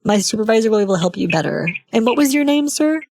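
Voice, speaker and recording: A man voicing a husky, overly polite customer service woman. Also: high voice, lively intonation, racing, a little mellow, no room sound, voice pushed up, exaggerated voice. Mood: cheery stalling. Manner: overly polite, stalling, feigns not hearing. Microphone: headset.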